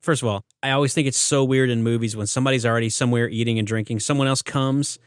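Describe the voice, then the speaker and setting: A man co-hosting a podcast in casual chat about movies, talking in an animated way. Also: medium pitch, fast talker, clean tone, dry recording, clean studio sound. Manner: animated, acts out film lines. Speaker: podcast co-host.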